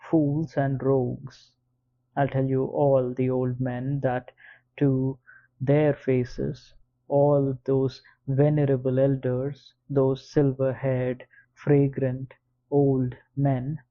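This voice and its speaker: A man reads a first-person audiobook at a measured, even pace. His pitch is mid-range and barely moves. The recording sounds slightly dull and lo-fi. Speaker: audiobook narrator. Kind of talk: scripted audiobook narration.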